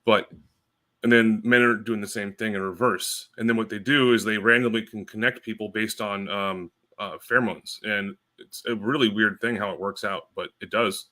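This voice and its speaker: Man, podcast guest, low pitch, bright forceful tone, rambling and blunt. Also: fairly even intonation, normal speed. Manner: rambling, filler-heavy, blunt. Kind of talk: casual chat.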